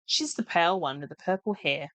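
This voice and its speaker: A woman's voice: lowish voice, expressive, fairly quick, fairly bright tone, no room sound. Woman doing a gossipy village mom, chatty and bouncy. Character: chatty mother, proud of her daughter.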